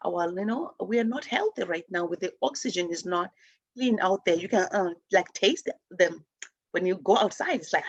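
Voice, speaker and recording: A woman's voice: on the low side, no echo. A woman from Zimbabwe hosting a spiritual talk show, speaking earnestly and rambling with many restarts. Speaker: host.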